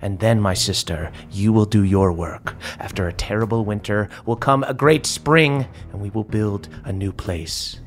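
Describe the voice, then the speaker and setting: A man voicing a cold, ambitious sorceress who speaks in slow, solemn proclamations. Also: lowish voice, lightly acted. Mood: grandiose.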